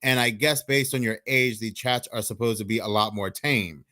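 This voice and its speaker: Male news commentator, mid pitch, plain read of articles and chat logs, dry close recording. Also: steady tone, normal speed, bright, forceful tone, no room sound.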